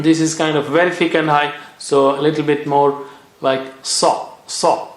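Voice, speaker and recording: A man's voice: fairly high pitch, steady tone. Patient man drilling sounds in an echoey room. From South Asia. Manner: patient, repeats each sound slowly for drilling. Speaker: Quran reading teacher. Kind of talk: recorded language lesson.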